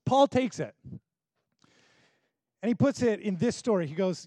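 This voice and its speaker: A man's voice: a little high, animated, normal speed, long pauses, mellow, no echo. A man preaching a sermon who talks animatedly and acts out the voices of the people he quotes. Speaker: pastor.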